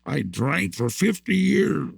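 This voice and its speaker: A man's voice: fairly high pitch, big pitch swings, takes it slowly, creaky, breathy edge, no echo. An older man from the United States, a guest in an interview, tells rambling stories of his past, repeating words and laughing often. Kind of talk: storytelling interview.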